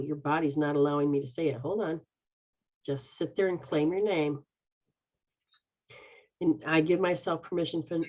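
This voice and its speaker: A spiritual healer with a low, darkish voice guides someone through a healing session, addressing them directly and repeating a chant-like refrain. The recording is dull and lo-fi.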